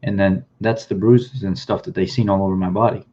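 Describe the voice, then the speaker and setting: A man telling his own life story in a halting, plain-spoken way, often repeating words as he goes. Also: low-pitched, fairly even intonation, warm tone. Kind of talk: personal storytelling, reading news clippings aloud. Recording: dull, lo-fi sound.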